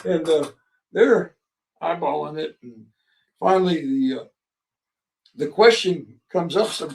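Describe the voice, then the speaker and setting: An older man in his seventies spins a rambling story, halting often and chuckling as he goes. His voice is a touch high for a man. He sits a little away from the mic, so he sounds slightly distant. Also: creaky, a little mellow. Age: 70s. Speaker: guest, war veteran. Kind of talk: storytelling interview.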